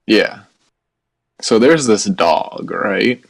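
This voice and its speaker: A man's voice: on the low side, expressive, drawn-out words, husky, dry recording. A man co-hosting a casual comedy podcast, crude and joking, swearing often. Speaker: podcast co-host.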